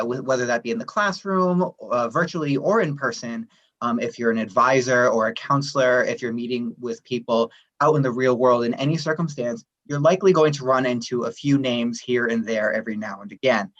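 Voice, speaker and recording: A man presenting at a staff workshop, explaining at a steady, friendly pace with frequent "um" fillers. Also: medium pitch, highs cut off. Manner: friendly, even, many "um" fillers. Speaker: workshop presenter, administrative assistant. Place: online workshop session.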